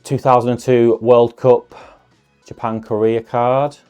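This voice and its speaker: A man's voice: medium pitch, little pitch movement, measured pace, a little mellow, clear, resonant tone, lo-fi sound, faint music behind. A man hosting a casual card-opening video, chatting along in a musing way with self-deprecating asides. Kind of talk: casual unboxing commentary.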